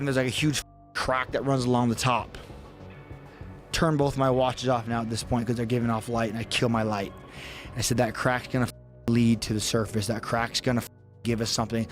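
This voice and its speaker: A man on a podcast retelling a frightening survival story, reenacting his own panic with intense energy. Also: medium pitch. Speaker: podcast guest. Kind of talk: dramatic storytelling.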